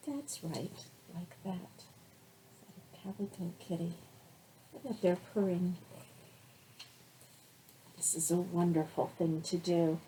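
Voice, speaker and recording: A woman, a children's librarian reading picture books aloud to babies in a gentle, soothing, sing-song way. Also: fairly low pitch, slow pace, long pauses, slightly rough, low-quality recording.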